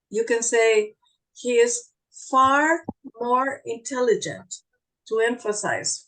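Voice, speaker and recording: A woman's voice: a little high, rough recording. A woman teaching an online English class, explaining grammar patiently and encouragingly. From Brazil. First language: Portuguese.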